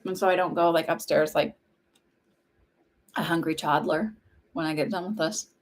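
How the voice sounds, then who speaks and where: A woman talking casually on a livestream as a psychic medium, chatty and warm, with lots of "like" fillers. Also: sits low, steady tone, moderate pace. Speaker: psychic medium hosting live readings.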